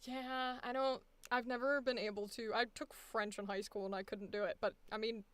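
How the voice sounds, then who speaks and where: A woman's voice: a little high, flat delivery, moderate pace, fairly bright tone, no room sound. An American woman coaching voice acting live, blunt and profane, laughing often. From United States. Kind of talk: live-streamed coaching session.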